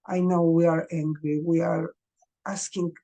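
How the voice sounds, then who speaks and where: A woman coaching parents in a gentle, earnest advice talk, speaking English as a second language. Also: lowish voice, level tone, measured pace, vocal fry.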